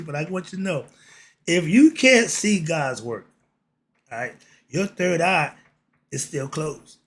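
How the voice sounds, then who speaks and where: Husky older guy ranting casual, blunt street talk, kinda high voice. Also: fairly bright tone. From United States. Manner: blunt, streetwise, repeats rhetorical "why?". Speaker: commentary channel host. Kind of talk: casual political monologue.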